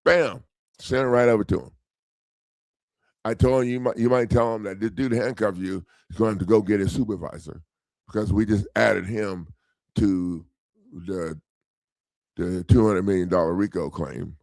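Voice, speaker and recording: A middle-aged man, a legal self-help coach, telling a profane story in a lively, laughing way and acting out the people he quotes. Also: fairly low pitch, moderate pace, gravelly, pauses often, no echo. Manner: animated, profane, laughing, acts out quoted voices. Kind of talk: casual storytelling monologue.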